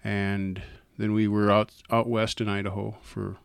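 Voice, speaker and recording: A man's voice: fairly low pitch, little pitch movement, a little slow, vocal fry, clean tone, no echo, studio quality. An older man from North Dakota, a guest telling stories in an easygoing, folksy way. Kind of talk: casual interview chat.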